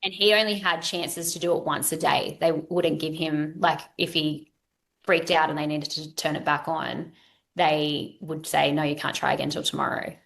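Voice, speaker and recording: A woman chatting as a guest in a casual interview, animated and quoting her own inner thoughts. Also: low-pitched, a little slow, gravelly. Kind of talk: casual chat.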